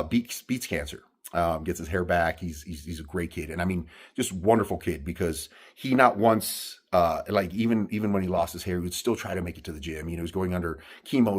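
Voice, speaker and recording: A man telling a personal story in an earnest, halting way, with many restarts and fillers. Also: sits low.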